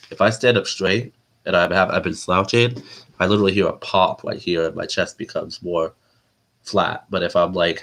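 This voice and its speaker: A man with a deep, low-set voice that carries a nasal edge. He rambles in a relaxed, chatty way as he hosts his own livestream, circling back with restarts and fillers. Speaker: livestream host. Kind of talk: casual rambling livestream talk.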